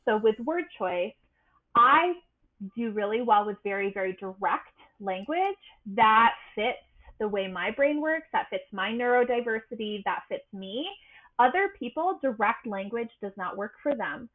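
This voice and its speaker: A woman coach explains things in a bright, bubbly, sing-song voice as a podcast guest. Her voice sits fairly high. The sound is thin and tinny, like a phone line. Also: animated, a little slow. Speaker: boundary life coach.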